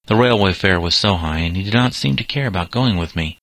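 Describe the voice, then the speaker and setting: A man's voice: sits low, a little fast, fairly bright tone. Worried middle-aged mother, read by a man. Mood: anxious. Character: anxious widowed mother, middle-aged woman.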